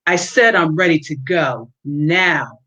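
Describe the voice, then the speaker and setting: A woman's voice: deep voice, slow, pushed and bright, full character voice. A woman reading aloud and voicing a jealous, furious young woman who makes angry demands, in dull lo-fi audio. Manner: demanding, snapping.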